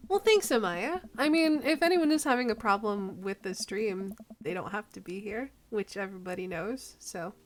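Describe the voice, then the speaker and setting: A woman streamer chatting casually with her viewers during a game, playful and quick to laugh. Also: medium pitch.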